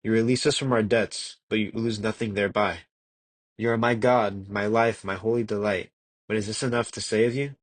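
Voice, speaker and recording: A man's voice: fairly low pitch, steady tone, no echo. Earnest young man reading aloud. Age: young adult. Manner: measured and earnest, with occasional slips and restarts. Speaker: audiobook reader. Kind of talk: amateur audiobook reading.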